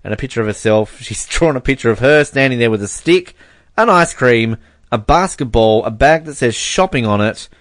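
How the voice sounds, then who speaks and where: A man's voice: mid-range voice, expressive, moderate pace, a bit bright, no room sound. A man co-hosting a podcast in casual chat, who laughs often while reading messages aloud. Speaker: podcast co-host.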